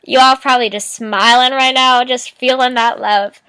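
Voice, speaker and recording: A woman's voice: high voice, steady tone, moderate pace, pushed and bright, smooth, no echo. A young woman vlogging casually with a rambling, giggly manner, full of fillers as she gives upbeat life advice. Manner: rambling, giggly, lots of "like" and "you know". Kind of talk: casual motivational vlog.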